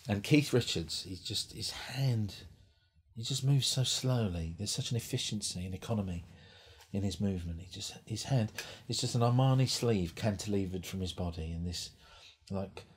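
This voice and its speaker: A man's voice: sits low, slightly rough. A male stand-up comedian telling a rambling, profane anecdote on a comedy club stage, with lots of restarts. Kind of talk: stand-up storytelling.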